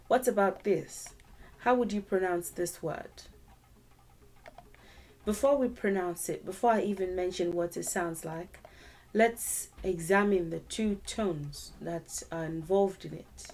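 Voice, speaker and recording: A woman's voice: medium pitch, normal speed, a little mellow. A woman teaching a beginners' language lesson online, patiently repeating syllables and tones many times.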